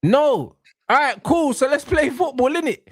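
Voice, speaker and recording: Man, high voice, swooping lively delivery, dry close sound, slangy rant. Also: normal speed, no room sound. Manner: animated, slangy and swearing, ranting. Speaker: podcast host. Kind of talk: casual football chat.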